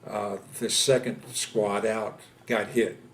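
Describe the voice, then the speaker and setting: A man in his seventies from Louisiana, recounting his war experiences in an oral history interview, speaking haltingly with many pauses and fillers. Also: fairly low pitch, little pitch movement, slight background noise. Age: 70s. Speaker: veteran interviewee. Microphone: interview camera setup.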